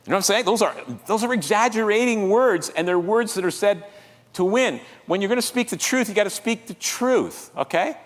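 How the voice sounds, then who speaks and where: A man preaching a sermon as pastor, conversational and lively, drawing the congregation into call-and-response. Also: high-pitched, fairly quick, long reverb tail. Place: church sanctuary.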